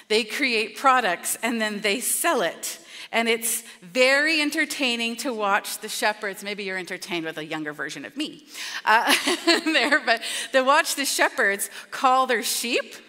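Woman preacher, animated conversational sermon, high bright voice, long church reverb. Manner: animated and conversational, acts out quotes. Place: church sanctuary.

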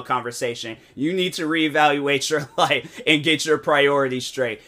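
A young man, a content creator, talking casually in a rambling, animated way with many fillers and restarts. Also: a little high. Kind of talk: casual monologue.

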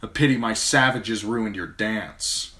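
A man's voice: fairly low pitch, measured pace, pushed and bright, voice pushed up. A man reading an audiobook, voicing a bitter, sarcastic wounded dwarf lord in a raised, clipped voice.

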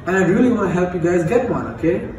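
A guy playing a loud, excitable young man. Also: high voice, fast, close to an everyday voice. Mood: excited. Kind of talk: amateur comedy skit. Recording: echoey room with noise, far off.

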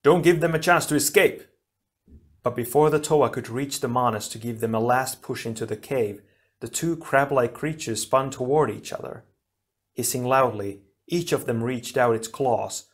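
A man narrating an action storybook in a steady, even reading voice. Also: medium pitch, normal speed. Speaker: audiobook reader.

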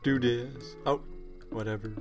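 A man's voice: medium pitch, fairly even intonation, a little slow, vocal fry, music in the background. A man with a sore, tired voice giving casual gameplay commentary, rambling to himself and joking at his own expense. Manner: rambling, self-mocking, talks to himself. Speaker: let's play gamer.

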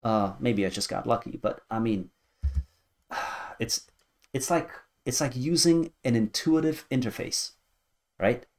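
A man's voice: mid-range voice, unhurried, long pauses, a little mellow. A man in his thirties hosting a music reaction video, musing aloud and guessing as he goes. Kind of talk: casual reaction commentary.

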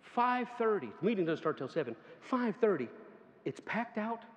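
A man preaching a sermon, telling a lively story and acting out the people in it with bursts of laughter. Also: high-pitched, moderate pace. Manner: animated, laughing storyteller who acts out quoted voices. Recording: dull, echoey hall sound with faint ambience.

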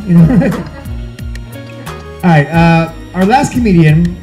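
Male emcee, loose casual patter, somewhat high voice, music in the background. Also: dark tone. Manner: loose, offhand, halting banter. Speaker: comedy show host. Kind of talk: stand-up hosting.

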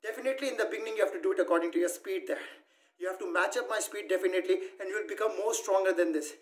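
A male yoga instructor with a high-pitched voice speaks very fast while running a live class. He coaches firmly, calling poses and counting holds, and the recording has a roomy echo with his voice far off.

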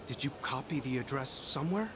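A man's voice: mid-range voice, animated, fairly quick, background noise, natural voice. An actor playing a polite, earnest, modest young man in a video game.

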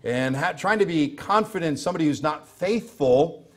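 A man's voice: on the high side, animated, normal speed. An American man preaching a sermon as pastor, earnest and repeating key phrases for emphasis.

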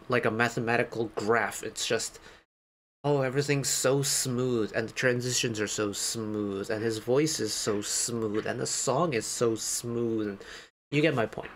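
A man's voice: mid-range voice, fairly bright tone. A man hosting a casual music reaction, gushing enthusiastically about the singer's vocal technique.

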